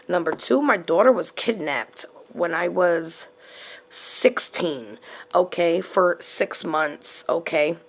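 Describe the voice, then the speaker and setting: A middle-aged woman with a gravelly voice giving a casual tarot reading, blunt and outspoken, going from murmurs to animated storytelling. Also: lowish voice. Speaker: tarot reader and channel host.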